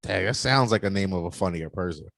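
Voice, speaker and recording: Male podcast guest, mid-pitched and relaxed, recorded dry and close. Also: fast talker, gravelly, no echo. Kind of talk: casual chat.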